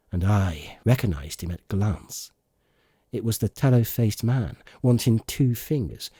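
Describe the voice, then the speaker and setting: A man narrating an audiobook in slow, expressive storytelling. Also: fairly low pitch, breathy edge, dry recording, studio quality. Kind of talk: scripted narration.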